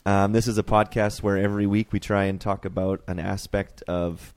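Low-ish guy host, chatty and rambly, dry close mic. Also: normal speed, no echo. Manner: animated, laughs often, loose and rambling. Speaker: podcast host. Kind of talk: casual podcast chat.

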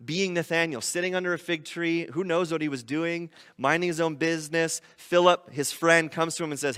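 A man's voice: fairly high pitch, fairly even intonation, a little fast, hardly any pauses, a bit bright, clear, resonant tone, big-room sound. A man preaching a teaching sermon, talking through scripture conversationally and asking his listeners rhetorical questions. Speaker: pastor. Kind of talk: expository sermon.

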